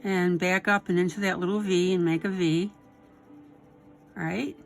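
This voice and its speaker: A woman's voice: fairly low pitch, steady tone, unhurried, creaky, faint music behind. A woman giving a step-by-step coloring tutorial, encouraging and often checking in with "okay?" and "right?". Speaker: coloring instructor.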